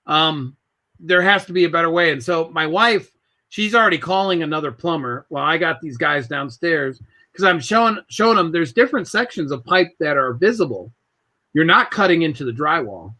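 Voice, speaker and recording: Guy hosting a chill talk show, high bright voice, rambly storyteller. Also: animated, moderate pace. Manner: rambling anecdotes, acts out quoted voices. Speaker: podcast host. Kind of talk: casual storytelling chat.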